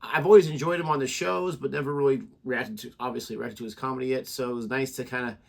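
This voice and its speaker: A man co-host thinks out loud in a musing, halting way. He keeps asking questions as he goes. His voice sits at a middle pitch for a man. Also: steady tone, vocal fry. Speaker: reaction channel co-host. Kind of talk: casual chat.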